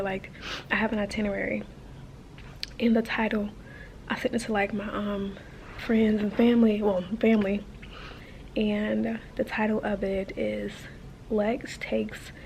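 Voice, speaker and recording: Emotional mellow-voiced woman vlogging at 30. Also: mid-range voice, flat delivery, normal speed, creaky, pauses often, a little hiss or hum. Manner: emotional, gushing, chatty with many fillers. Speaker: travel vlogger. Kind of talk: casual vlog talk to camera.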